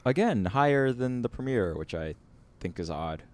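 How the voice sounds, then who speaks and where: A man's voice: mid-range voice, animated, normal speed. A man co-hosting a podcast in casual chat, laid-back, chuckling often and trailing off. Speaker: podcast co-host.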